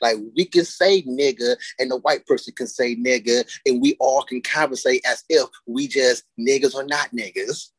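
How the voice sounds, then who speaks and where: A woman co-hosting a casual podcast, telling stories loosely with frequent laughter and drawn-out emphasis on key words. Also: very deep voice, husky, no echo. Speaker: podcast co-host.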